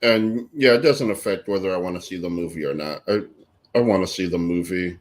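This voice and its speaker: A man's voice: sits low, a little fast. A man in a casual podcast chat, answering in a hesitant, unsure way.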